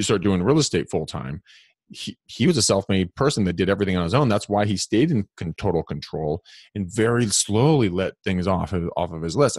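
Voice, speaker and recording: A man co-hosts a podcast in a very low voice, recorded close and dry. He talks in a loose, anecdotal way, dropping in dry sarcasm as he goes. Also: dry recording. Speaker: podcast co-host. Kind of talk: podcast interview.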